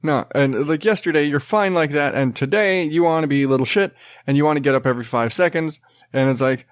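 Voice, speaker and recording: A man's voice: a little high, brisk, dry recording, studio quality. A man in his thirties hosting a casual solo podcast, rambling and self-deprecating, laughing and swearing as he talks. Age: 30s. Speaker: podcast host.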